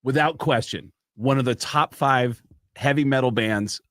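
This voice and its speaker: A man telling a comic story as a guest, animated and restarting often, close to the mic. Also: mid-range voice, measured pace, no echo. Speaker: comedian guest.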